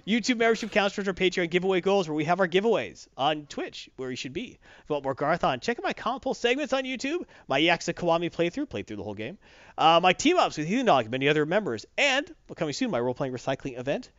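A man hosting a live stream, jokey and energetic as he hypes his viewers. His pitch swings widely and sits a little high. The sound is dry and a bit dull, like a basic stream microphone. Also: quick pace, dry recording. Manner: animated, jokey, hyping viewers. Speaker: stream host. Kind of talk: casual live-stream chat.

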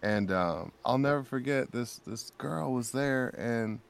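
A man sits in as a podcast guest and tells a moving story in an easy, conversational way. His voice sits at a middle pitch, and he acts out the lines of everyone in the story with real feeling. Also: a little slow, vocal fry. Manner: emotional, animated retelling with acted quotes. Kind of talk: casual storytelling chat.

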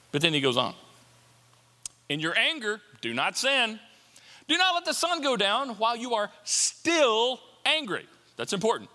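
A man preaching a sermon as a pastor, animated and playful, with jokes and asides. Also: high-pitched. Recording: long hall reverb.

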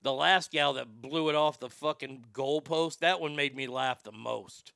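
A male show host with a medium-pitched, creaky voice speaks without hurrying, his tone pushed and bright. In a dry, studio-quality recording, he brashly and profanely riffs on clips and reads chat in casual commentary, frequently stammering and restarting.

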